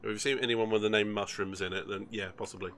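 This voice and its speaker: Give me a dry-humoured man with a bright, punchy voice, chatting casually with faint engine noise behind. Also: fairly low pitch, fairly even intonation, quick pace. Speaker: sim racing streamer. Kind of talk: casual stream chat.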